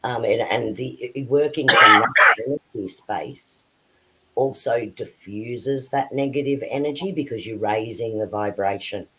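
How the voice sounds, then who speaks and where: A man co-hosting a spiritual chat who speaks in a reflective, measured way, with frequent pauses and fillers. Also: medium pitch, noisy background.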